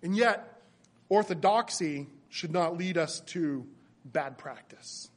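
High-voiced man preaching earnestly. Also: slow. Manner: earnest, repeats phrases for emphasis. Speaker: pastor. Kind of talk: sermon.

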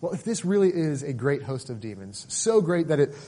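A middle-aged male pastor preaching a sermon in an earnest, emphatic way, pausing and building emphasis as he explains a passage. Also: a little high, big pitch swings, warm tone.

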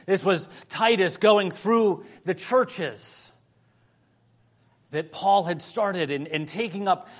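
A male pastor preaching a sermon, telling a humorous personal story and moving between soft prayer and lively emphasis. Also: sits high, takes it slowly.

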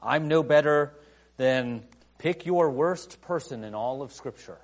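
A man's voice: a little high, expressive, measured pace. Conversational male preacher, emphatic swings. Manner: conversational, many "you know" fillers, rising to emphatic outbursts then dropping quiet. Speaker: pastor. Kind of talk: sermon.

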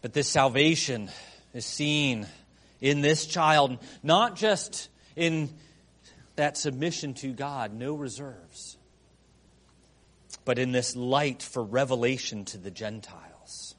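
A middle-aged man preaching a sermon to his congregation, moving between quiet, conversational asides and loud, emphatic proclamation. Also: medium pitch, takes it slowly. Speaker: pastor.

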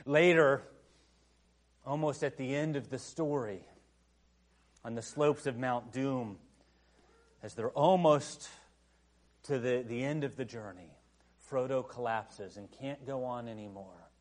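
A man's voice: medium pitch, measured pace, long pauses. A male pastor delivering a sermon in a conversational, storytelling manner, with frequent filler phrases.

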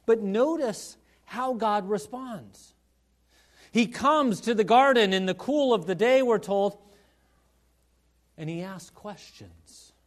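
Pastor, male, high-pitched, conversational sermon delivery with asides, swings from hushed to emphatic. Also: expressive, takes it slowly. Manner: conversational preaching with frequent asides.

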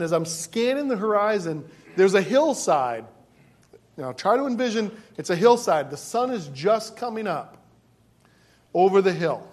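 A man preaching a sermon, telling a personal story with emphasis and asides to the congregation. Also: high voice. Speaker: pastor.

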